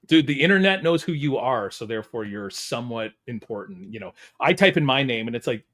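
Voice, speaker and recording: A man's voice: medium pitch, lively intonation, brisk, a bit bright. A man hosting a podcast in a loose, joking chat with plenty of fillers. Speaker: podcast host. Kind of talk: casual chat.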